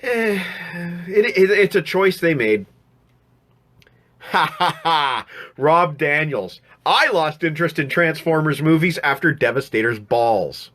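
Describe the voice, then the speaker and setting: A man's voice: on the high side, animated, unhurried, fairly bright tone. A man hosting a live stream from home, chatting casually and rambling through viewer comments with many restarts. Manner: rambling, frequent restarts and fillers.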